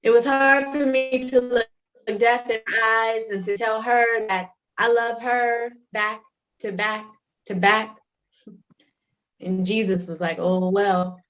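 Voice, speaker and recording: A woman recites spoken word poetry over a choppy video call, her voice slightly raised and unhurried. The call audio is dull and lo-fi, and her delivery is measured and rhythmic. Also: a little high, fairly even intonation, a bit bright. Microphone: video call with choppy connection.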